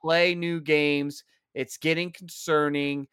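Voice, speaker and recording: A man's voice: a little high, level tone, slow, a bit bright, clean tone, no echo, clean studio sound. A man co-hosting a casual gaming podcast, joking and ranting with a lot of swearing. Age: adult father of three. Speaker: podcast co-host.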